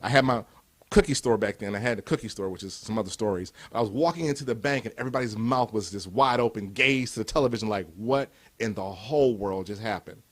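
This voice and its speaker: Talking fast in a medium-pitched, fairly bright tone, this Cleveland man in his fifties delivers a motivational speech. He hammers his points with emphatic, repeated rhetorical build-ups.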